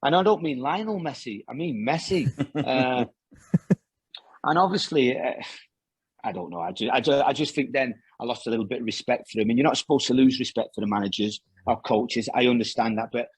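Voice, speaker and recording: A former footballer tells long, wandering stories, doubling back with fillers and restarts. His voice is husky with a slightly breathy edge. The sound is dry and close. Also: mid-range voice, a little fast, no room sound. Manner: rambling anecdotes with many restarts and fillers. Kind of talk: casual storytelling interview.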